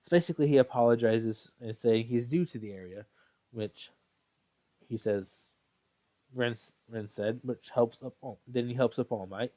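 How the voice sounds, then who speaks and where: A man's voice: medium pitch, moderate pace, dark tone, no room sound. A man casually reading a fan story aloud, often stumbling, correcting himself and apologizing. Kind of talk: casual read-aloud with asides.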